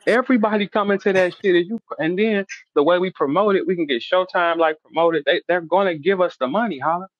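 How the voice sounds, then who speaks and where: A middle-aged man hosting a casual interview, loudly calling out a rival with brash, repetitive trash talk. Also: high voice, quick pace. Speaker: host. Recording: dull, dry lo-fi sound.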